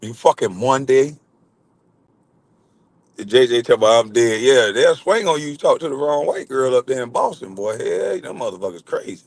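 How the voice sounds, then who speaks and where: A man's voice: medium pitch, animated, normal speed, no echo. A man, hosting a casual livestream and bantering loosely with chat, swearing and laughing. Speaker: livestream host.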